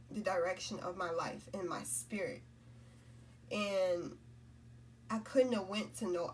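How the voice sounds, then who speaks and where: A spiritual content creator rambles through a casual talk, repeating herself and peppering it with "right?" and "you know?". She has a mid-range voice and sits far from the mic, with a little hiss or hum.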